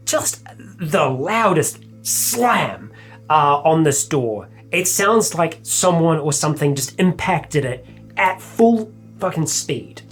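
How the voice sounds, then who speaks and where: A man's voice: on the high side, very animated, takes it slowly, fairly bright tone, faint music behind. A man, narrating a tabletop game as game master in a rambling way, full of fillers and swearing.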